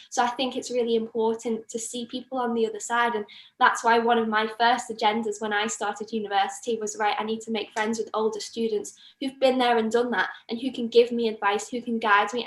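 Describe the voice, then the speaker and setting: A woman's voice: on the high side, steady tone, a little fast, reverberant. A young woman, an engineering student talking earnestly as a podcast guest, rambling a little with restarts. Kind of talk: casual interview chat.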